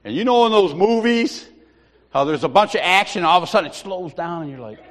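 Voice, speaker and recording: A man's voice: high-pitched, lively intonation, a little fast, a bit bright. A man giving a sermon in a church, telling a personal story with acted-out dialogue and laughing at himself. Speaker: lay preacher. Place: church sanctuary. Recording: long hall reverb.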